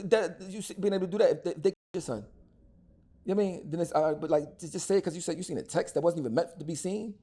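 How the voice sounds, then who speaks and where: A man's voice: fairly high pitch, vocal fry, darkish tone, husky. A man, talking bluntly and heatedly as an interview guest, often repeating words as he goes. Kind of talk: casual interview talk.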